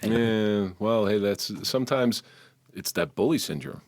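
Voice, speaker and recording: A man's voice: fairly low pitch, a little slow, no room sound. A man co-hosting a podcast, asking probing questions in a casual way and restarting his sentences. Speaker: podcast co-host.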